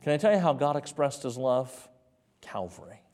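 A man pastor preaching a sermon in a church sanctuary, repeating words and stretching key phrases slowly, dropping to a hush for emphasis. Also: fairly high pitch, long reverb tail.

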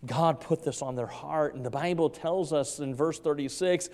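A male pastor preaching a sermon in a church, excitable and quick, stumbling and repeating words as his enthusiasm runs ahead. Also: a little high. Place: church sanctuary. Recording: long reverb of a large church hall.

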